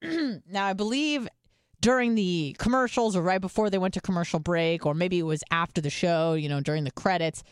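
A woman's voice: lowish voice, brisk, clean tone, no echo, studio quality. A woman co-hosting a podcast, telling stories in casual chat and rambling loosely with lots of filler words. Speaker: podcast co-host.

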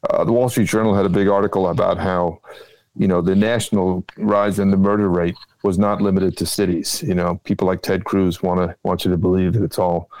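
Deep gravelly man, measured guest. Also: level tone, darkish tone, no echo, low-quality recording. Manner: measured, explanatory, many ums and uhs. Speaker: guest political strategist. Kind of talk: casual political chat.

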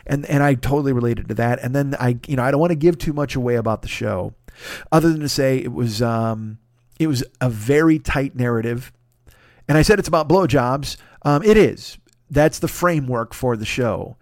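A man's voice: mid-range voice, moderate pace, no echo. Male stand-up hosting his own show, dry close mic, profane and worked-up monologue. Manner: animated, swearing, rants with mounting excitement. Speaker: podcast host; stand-up comedian.

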